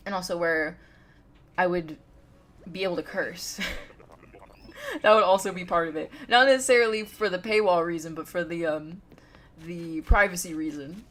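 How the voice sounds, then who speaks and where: A woman's voice: low-pitched, a bit bright. A woman live-streaming a game from home, chatting and giggling as she talks straight to her chat. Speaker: livestreamer.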